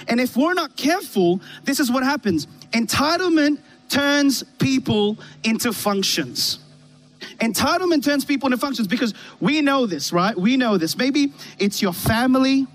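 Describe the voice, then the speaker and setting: A man with a notably high voice preaches a sermon into a stage microphone. He tells his story in an animated way and keeps stumbling back over his own words. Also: normal speed. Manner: animated storytelling with repeated restarts.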